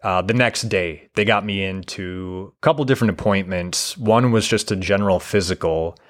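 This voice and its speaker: A young man speaking as an interview guest, telling his own story in a candid, reflective way. He often restarts his sentences. His voice sits fairly low. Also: moderate pace. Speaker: guest, therapist. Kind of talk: personal story in a podcast interview.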